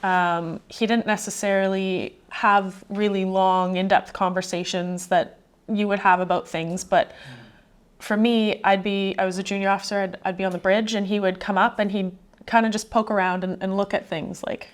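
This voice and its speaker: A woman's voice: medium pitch, flat delivery, moderate pace, smooth. A woman who works as a navigation officer, answering an interview question in a thoughtful, informal way with restarts.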